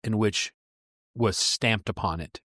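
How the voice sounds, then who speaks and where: Preachy earnest guy on a podcast mic, dry close sound, reads verses out loud. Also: lowish voice, takes it slowly, dry recording. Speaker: podcast co-host. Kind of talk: casual Christian podcast discussion.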